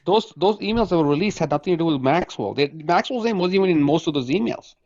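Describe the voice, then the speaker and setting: A man's voice: fairly high pitch, animated, fast talker, darkish tone, muffled recording. A man calling in to a political talk show, defending his views and struggling to get a word in. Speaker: caller. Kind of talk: call-in political argument.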